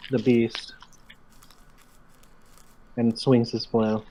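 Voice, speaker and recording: A man playing a tabletop game, describing his character's charge loudly and emphatically. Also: medium pitch, unhurried, pauses often, faint music behind, low-quality recording. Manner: loud, emphatic. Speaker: player.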